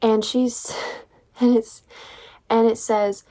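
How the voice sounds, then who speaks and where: A woman's voice: on the high side, flat delivery, takes it slowly, dark tone. A young woman reviewing a book in a casual vlog, ranting with sarcastic exasperation and swearing freely.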